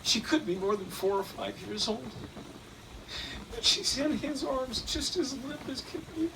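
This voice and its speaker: A man retelling a story in the first person as an eyewitness, halting at times and repeating words. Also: very high-pitched, lively intonation, gravelly, noisy background. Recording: distant mic, faint room ambience.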